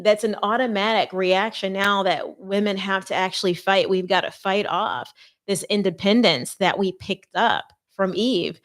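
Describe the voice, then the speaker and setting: A woman host talking earnestly and conversationally about faith and marriage preparation, with playful asides. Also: medium pitch. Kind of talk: faith-based marriage advice talk.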